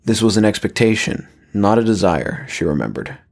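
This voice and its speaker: A male narrator reading a horror story aloud, slow and measured. His voice sits low and husky. He tells the story with steady control.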